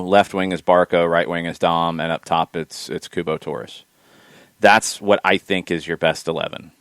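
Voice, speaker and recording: A man's voice: low-pitched, fairly bright tone, clear, resonant tone, no echo, studio quality. A man co-hosting a sports podcast, chatting casually and giving rambling, opinionated takes. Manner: rambling, opinionated, quick asides. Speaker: podcast co-host.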